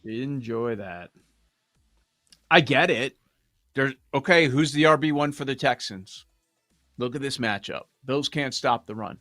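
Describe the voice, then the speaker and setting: Man, sports betting host, mid-pitched, dry close sound, casual, restarts his sentences. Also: no room sound. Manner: relaxed, thinks out loud with restarts.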